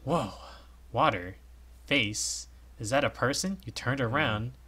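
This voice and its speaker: A man playing a visual novel, reading it aloud with jokey commentary in a hoarse voice. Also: medium pitch, slow. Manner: animated, jokey, often laughing at himself. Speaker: let's play host.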